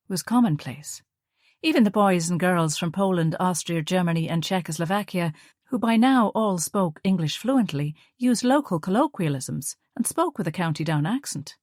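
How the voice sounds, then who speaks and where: Low-voiced woman narrating an audiobook. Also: animated, moderate pace, a little mellow, dry recording, studio quality. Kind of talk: scripted narration.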